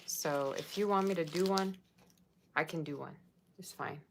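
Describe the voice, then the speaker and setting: A woman's voice: low voice, moderate pace. A woman tarot reader chatting casually on a livestream, reading viewer comments aloud and answering them. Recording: faint background noise.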